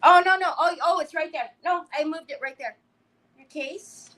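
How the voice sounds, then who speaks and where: A woman's voice: very high-pitched, normal speed, fairly bright tone, rough recording. A woman hosting a live crafting stream, chatting casually, giggling often and greeting viewers by name. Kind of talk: casual livestream chat while crafting.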